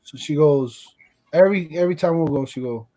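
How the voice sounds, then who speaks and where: A man with a high voice and a close, dry sound hosts a relaxed livestream chat. He tells his stories with lively energy and laughs at his own tales. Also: fairly quick, no echo, rough recording. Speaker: channel host.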